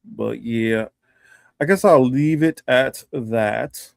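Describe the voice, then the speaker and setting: A man with a gravelly, fry-heavy voice talks loosely on a livestream, circling through his thoughts with plenty of pauses and fillers. The sound is dry and close, with no room around it. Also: medium pitch, no echo. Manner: rambling, halting, many fillers. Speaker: livestream co-host. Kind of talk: casual chat.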